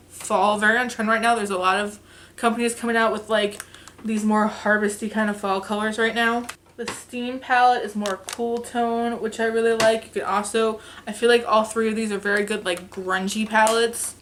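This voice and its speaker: A woman's voice: on the high side, a bit bright. A young woman vlogger chatting casually and enthusiastically about makeup she bought, with lots of fillers. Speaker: beauty vlogger. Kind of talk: casual makeup haul chat.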